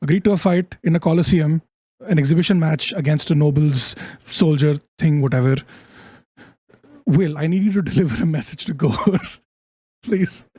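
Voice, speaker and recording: A man's voice: a little high, moderate pace, mellow, husky, no echo, clean studio sound. A man, a player in a tabletop game, talking in character in a frustrated, stumbling way, swearing a lot. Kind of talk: in-character tabletop role-play.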